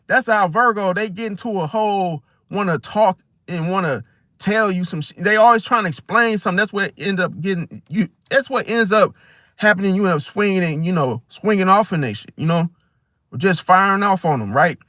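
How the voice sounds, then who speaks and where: Casual male vlogger, rambling and profane, slangy delivery; high voice with a sharp edge. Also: moderate pace, no echo, studio quality. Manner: streetwise slang, rambling, animated, swears freely. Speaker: astrology vlogger. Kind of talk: casual monologue.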